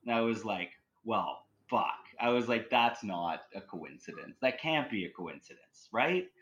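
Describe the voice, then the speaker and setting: Low deep-voiced guy rambling thru a story, lots of like and you know. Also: expressive, a little slow, fairly bright tone, poor audio. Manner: rambling, many fillers and restarts. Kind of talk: casual storytelling.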